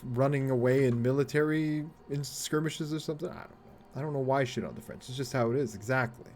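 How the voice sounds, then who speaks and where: Swearing, laughing man streaming a game. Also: a little high. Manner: rambling, swears freely, laughs often, talks to chat. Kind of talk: casual live-stream chat while gaming.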